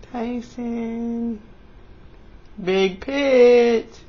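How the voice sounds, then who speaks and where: In a lo-fi home video, a woman with a fairly high-pitched voice films her dog indoors. She coos at him and teases him in a casual way.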